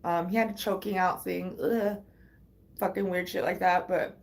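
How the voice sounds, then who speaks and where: A woman's voice: fairly low pitch, steady tone, normal speed, creaky. A woman livestreaming, telling a personal story in a rambling, frank way with heavy swearing.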